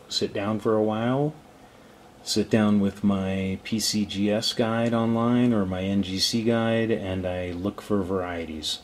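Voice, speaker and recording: A man with a low voice talks through his coin collection in an easy, unhurried way. He sounds chatty and openly delighted by what he shows, with a faint background hum. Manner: relaxed, chatty, enthusiastic about coins. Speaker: coin collecting channel host. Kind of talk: casual show-and-tell vlog.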